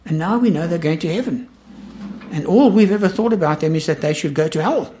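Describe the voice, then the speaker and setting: A man's voice: a little high, brisk, dark tone. A man teaching a Bible study in an earnest, emphatic way, repeating his key points.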